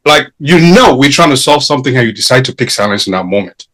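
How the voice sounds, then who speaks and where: A man's voice: mid-range voice, expressive, quick pace, fairly bright tone, poor audio. Blunt joking man from Africa. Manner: blunt and joking, uses slang and swears. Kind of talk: casual group discussion.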